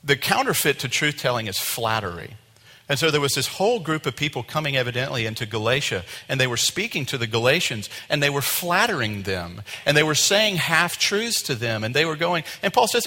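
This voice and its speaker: A man preaching a sermon to his congregation in an animated way, acting out quoted voices. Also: mid-range voice, brisk, big-room sound. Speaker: pastor. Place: church sanctuary.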